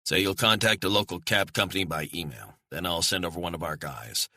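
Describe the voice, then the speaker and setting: A curt male handler barking clipped orders down the line, as a male narrator puts him on. The voice sits low, husky and sharp-edged, recorded dry and close. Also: a little fast, dry recording, exaggerated voice. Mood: tense, blunt. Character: terse male covert handler on phone.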